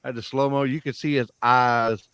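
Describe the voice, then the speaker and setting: A man's voice: mid-range voice, steady tone, brisk, crowd noise. A man in casual podcast chat, telling rambling stories and swearing freely.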